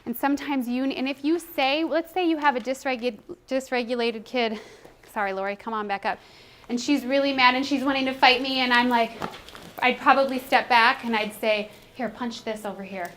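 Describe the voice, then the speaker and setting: A middle-aged woman presenting a teaching workshop, conversational and animated, breaking into short acted classroom scenes. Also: high-pitched, moderate pace, slight background noise. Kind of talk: teaching presentation with role-play demonstration.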